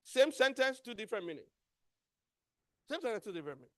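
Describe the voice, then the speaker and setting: A man's voice: sits high, sing-song, fast, pauses often, sharp tone, dry recording, clean studio sound. A man with a Nigerian accent giving a motivational training talk, emphatic and repeating key words as he quizzes his audience. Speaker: workshop trainer.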